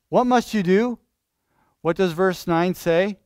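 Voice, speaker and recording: A pastor preaching in church, lively and questioning, restarting phrases and asking the congregation things. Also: male voice, high voice, slow pace, clear, resonant tone, no echo, studio quality. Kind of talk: sermon.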